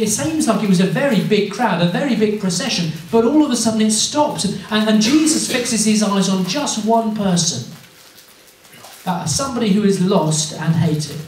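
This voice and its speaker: A man's voice: high-pitched, darkish tone, a little hiss or hum. A man with an English accent giving an earnest evangelistic talk to students, often asking his listeners questions and stumbling over repeated words. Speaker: student mission speaker. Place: university lunchtime event room. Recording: echoey room, mic far off.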